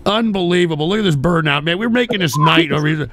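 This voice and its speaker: A man hosting a live stream, loudly mocking and narrating what he sees on another streamer's feed. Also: on the high side, lively intonation, fast talker, few pauses, no echo. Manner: mocking, exclaiming, puts on a slurred British drawl. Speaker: streamer host. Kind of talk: excited live-stream commentary.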